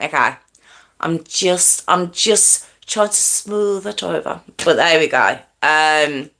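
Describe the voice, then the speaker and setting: A woman hosting a live chat stream, talking casually to her viewers and answering their comments. Her voice is bright and forward, at a middle pitch that leaps up when she teases. She rambles easily and thanks people by name. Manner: chatty, warm to viewers, quick pitch jumps when teasing. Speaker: true crime livestream host.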